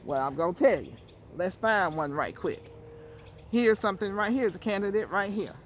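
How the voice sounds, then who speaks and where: Speaking at a medium pitch and moderate pace, a gardening host from Georgia, USA, chats animatedly to her viewers in a casual backyard how-to video. She repeats words for emphasis, and there's slight background noise.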